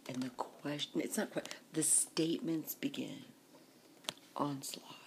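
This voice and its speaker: A woman with a low, gravelly voice vents in an exasperated, complaining casual vlog. She talks slowly and often drops to a hushed whisper. A faint hiss of noise sits under the recording. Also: fairly even intonation. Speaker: vlogger.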